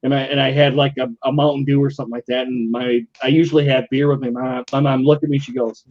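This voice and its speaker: A man's voice: mid-range voice, quick pace. A man casually telling a long, profane party story on a live stream. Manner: rambling, profane, animated retelling. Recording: lo-fi muffled stream audio.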